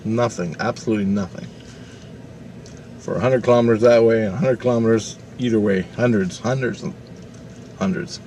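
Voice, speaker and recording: A man telling a long, rambling story in a casual, animated way, swearing freely. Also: lowish voice, fairly quick, long pauses, slight background noise. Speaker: vlogger.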